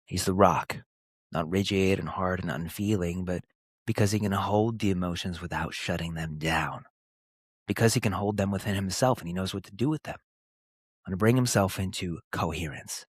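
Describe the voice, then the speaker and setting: A man in his thirties talks straight to the listener in an earnest, emphatic podcast monologue. His voice sits low, and the recording is close and dry with no room sound. He lands short, punchy phrases and lets pauses hang between them. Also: husky, no room sound. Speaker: podcast host.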